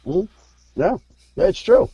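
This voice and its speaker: A man's voice: takes it slowly, dark tone, dry recording, lo-fi sound. A man from Philadelphia, an actor guesting on a podcast, talking frankly with profanity and telling stories. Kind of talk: candid interview talk.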